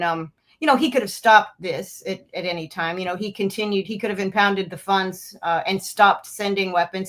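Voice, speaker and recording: A woman who is a retired military officer, answering interview questions earnestly and with many hesitations. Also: mid-range voice.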